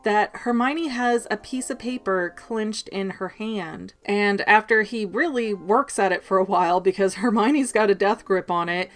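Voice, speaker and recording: A woman recapping and commenting on a book chapter in a casual, animated way, briefly mimicking characters as she goes. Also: medium pitch, unhurried, hardly any pauses, soft background music. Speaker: book discussion podcaster.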